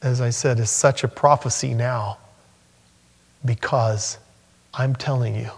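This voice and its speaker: A man's voice: medium pitch, measured pace, creaky, husky. Man preaching in a reverberant hall. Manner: earnest, animated preaching that rises sharply when acting out scripture. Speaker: pastor. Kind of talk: sermon.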